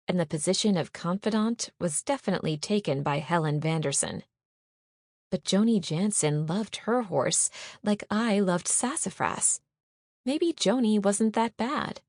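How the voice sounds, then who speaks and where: A woman narrating a first-person audiobook in a measured, even storytelling manner. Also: mid-range voice, dry recording, studio quality.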